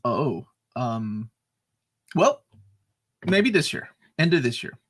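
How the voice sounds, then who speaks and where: A man's voice: mid-range voice, very animated, slow, a bit bright. A man co-hosting a casual live chat, joking and reading out viewer comments. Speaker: co-host.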